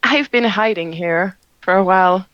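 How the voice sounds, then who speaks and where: A woman voicing a kind humanoid hermit woman who speaks gently and reassuringly. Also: mid-range voice, normal speed, no echo, dull audio, lightly acted. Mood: earnest.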